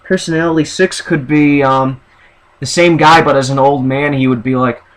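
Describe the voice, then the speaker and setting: A man's voice: mid-range voice, fairly even intonation, moderate pace, poor audio. A man vlogging, rambling through a list of show ideas in a casual monologue. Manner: rambling, with fillers and restarts.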